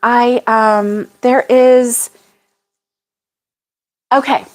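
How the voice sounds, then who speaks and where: A woman's voice: on the high side, fairly even intonation, drawn-out words, a little mellow. A woman hosting a casual livestream chat, chatty and apologetic, laughing often as she reads viewer comments. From United States.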